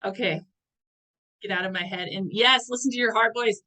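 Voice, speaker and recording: A woman's voice: mid-range voice, normal speed, pushed and bright, poor audio. A woman in her thirties giving a motivational talk as a wellness coach, earnest and chatty, sometimes searching for words.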